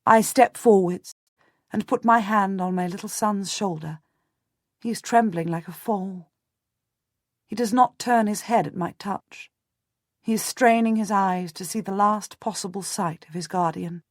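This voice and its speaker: A woman narrating a historical novel in the first person, measured and restrained, on a close studio mic. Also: mid-range voice, dry recording. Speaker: audiobook narrator.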